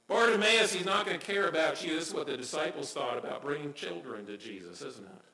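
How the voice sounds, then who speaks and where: Bright-voiced preacher in an echoey hall. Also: male voice, fairly high pitch, fairly quick, few pauses. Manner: expressive preaching, swings from hushed to loud cries. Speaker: pastor. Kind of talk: sermon.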